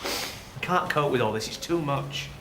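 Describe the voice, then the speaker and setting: An actor playing a nervous, flustered junior doctor in a sitcom, often whining and pleading. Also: male voice, mid-range voice, unhurried, a bit bright, a little hiss or hum. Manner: anxious, flustered, whiny. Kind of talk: sitcom acting.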